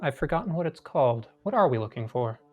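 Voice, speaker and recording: A man's voice: medium pitch, very animated, fast, lo-fi sound, soft background music. A man playing in a tabletop game, polite and agreeable, with some hesitation. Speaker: player. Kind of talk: casual tabletop play.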